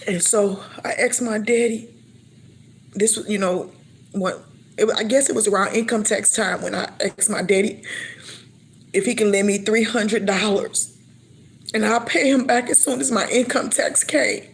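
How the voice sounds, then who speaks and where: A woman's voice: mid-range voice, steady tone, normal speed, gravelly, a little hiss or hum. A middle-aged woman telling a personal faith testimony, acting out her past conversations and often repeating and restarting her words. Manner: emotional storytelling, acting out her own past dialogue. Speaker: speaker sharing a faith testimony.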